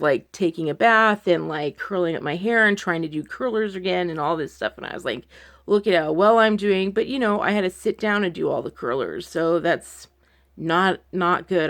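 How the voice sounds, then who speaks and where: A woman talking to her followers in a personal video diary, anxious and close to tears, rambling with many fillers. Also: low-pitched. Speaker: vlogger. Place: indoors at home.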